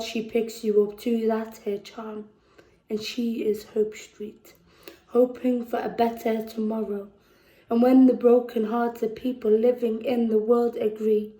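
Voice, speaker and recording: A woman with a Scouse accent performing spoken word poetry, slow and deliberate, with emphatic repetitions. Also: on the high side, warm tone, roomy sound, low-quality recording. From England. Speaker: poet. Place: festival venue indoors.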